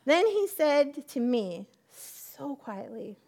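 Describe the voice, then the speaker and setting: A woman's voice: high-pitched, very animated, drawn-out words, a little mellow. A woman giving a personal testimony in church, acting out both sides of her conversations with God and laughing at herself often.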